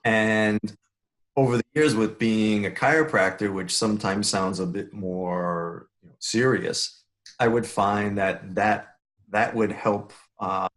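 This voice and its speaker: An older man from the Bronx speaks with a New York accent. His talk is playful, full of jokes and easy laughter, as a guest in a relaxed interview. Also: on the low side. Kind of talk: casual interview chat.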